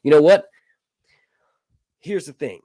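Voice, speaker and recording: A man's voice: on the high side, takes it slowly, mellow, no echo. An American man hosting a casual livestream, rambling, correcting himself and joking as he talks. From United States. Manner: rambling, self-correcting, jokey. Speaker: livestream host.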